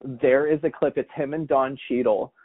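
A man's voice: medium pitch, steady tone, moderate pace, husky. A man hosting a podcast, chatting casually and telling stories with lots of restarts and quoted back-and-forth. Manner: rambling storyteller, many restarts and quoted voices. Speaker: podcast host. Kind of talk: casual chat. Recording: tinny phone-like sound.

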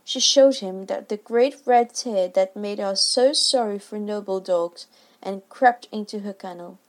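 A woman reading a classic children's story aloud with expressive, varied delivery. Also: medium pitch, a little slow. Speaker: reader. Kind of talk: storybook narration.

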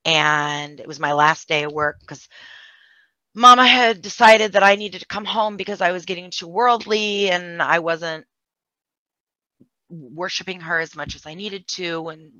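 A woman candidly recounting a painful family story in an emotional way, with vocal fry. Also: fairly low pitch, bright, forceful tone, no echo. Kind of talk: personal storytelling. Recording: dull, dry lo-fi sound.

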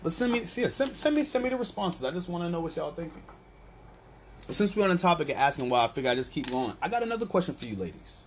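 A man's voice: a little high, quick pace, a little hiss or hum. A man hosting a podcast in a loose, rambling comedic monologue. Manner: animated storytelling with voiced bits, loose and rambling. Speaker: podcast host.

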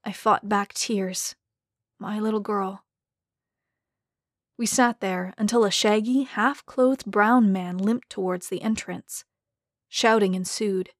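A woman narrating a story in a measured, even way. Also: mid-range voice, no echo, clean studio sound. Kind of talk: scripted narration.

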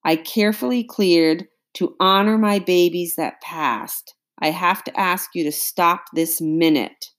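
A woman voicing a dignified farmer father who speaks slowly, earnestly and nervously. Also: fairly low pitch, a bit bright, pitched above the performer's own voice. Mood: pleading.

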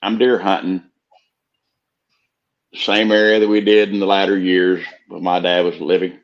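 An older man, a guest, telling a hunting story slowly and haltingly in a casual way. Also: low voice, level tone, dull audio. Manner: slow, measured, halting.

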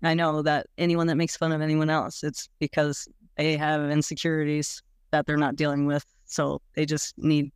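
A woman's voice: low voice, completely flat delivery, moderate pace, few pauses, clean tone, no room sound, clean studio sound. A woman recalling her own experiences in an interview, speaking frankly and casually, full of "like"s and the odd blunt swear word. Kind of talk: candid personal recollection.

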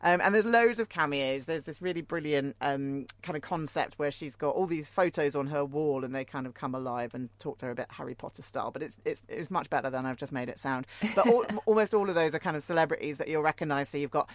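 Woman podcast host, very low pitch, dry close sound, enthusiastic casual chat. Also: quick pace, few pauses, no room sound. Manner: enthusiastic, fluent with small restarts. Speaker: film review podcast host.

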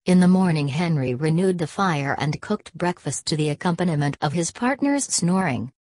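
A woman narrating an audiobook in a measured, plain storytelling manner. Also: low voice, lively intonation, darkish tone, no room sound.

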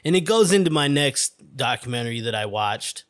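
A man's voice: medium pitch, lively intonation, normal speed, fairly bright tone, no echo, clean studio sound. A man hosting a casual podcast, rambling and swearing bluntly as he talks through documentaries. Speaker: podcast host.

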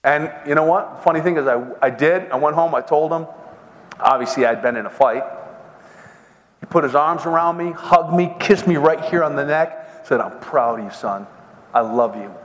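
A middle-aged man telling a story and preaching to a men's seminar, with animated, dramatic storytelling. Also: a little high, normal speed. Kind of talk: sermon with storytelling. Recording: long hall reverb.

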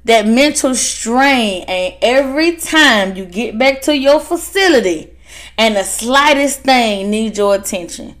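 A woman talks casually and motivationally to fellow workers. She is animated, slipping into the voices of worried relatives and laughing along the way. Her voice sits a little higher than most women's. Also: measured pace, a little hiss or hum. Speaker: speaker addressing workers.

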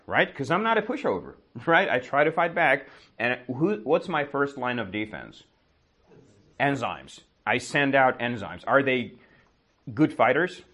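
A man's voice: fairly low pitch, a bit bright. A man teaching with a casual story, asking and answering his own questions and often adding "right?".

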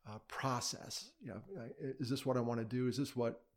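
A middle-aged man speaking candidly as a mental health advocate in a casual interview, self-deprecating and quick to laugh. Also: mid-range voice.

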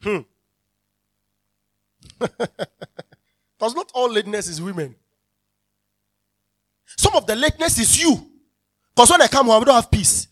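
A man's voice: very high voice, animated, takes it slowly, pauses often. A male pastor preaching a sermon, emphatic and repeating his key phrases as he calls out to the congregation.

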